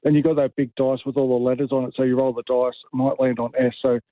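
An Australian man calls in to a radio show and explains things in a relaxed, matter-of-fact way. His voice stays flat and even. He comes through a tinny phone line. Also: mid-range voice, fast talker, no room sound. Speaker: caller.

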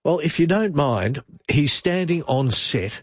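A man's voice: fairly high pitch, expressive, a little slow, breathy edge, no room sound, highs cut off. A man hosting morning radio, jokey and fond of telling gags. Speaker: radio host. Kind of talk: casual radio chat.

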